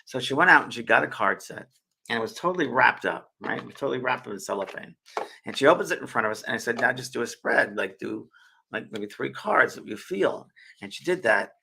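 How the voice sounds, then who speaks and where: Man, middle-aged, spiritual show host, bright tense tone, husky, casual chatty storytelling. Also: medium pitch, animated, a little fast, rough recording. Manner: chatty storyteller, gets emotional and tearful. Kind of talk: casual live-stream talk.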